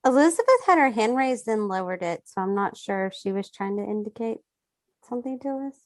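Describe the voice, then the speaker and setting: A woman's voice: a little high, very animated, a little fast. A woman helping with the auction, chatty and attentive.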